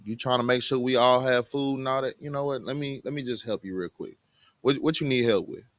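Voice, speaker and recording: A man's voice: medium pitch, brisk, dry recording, pitched below the performer's own voice, lightly acted. A man voicing a tired husband who agrees to help out. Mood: agreeable. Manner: easygoing and agreeable. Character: tired but willing husband.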